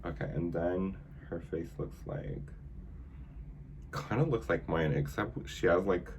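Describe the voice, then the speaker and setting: A man's voice: low-pitched, unhurried, darkish tone, slight background noise. A man chatting casually through a makeup tutorial, filling his talk with "like" and stumbling whenever he reads aloud. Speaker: makeup vlogger.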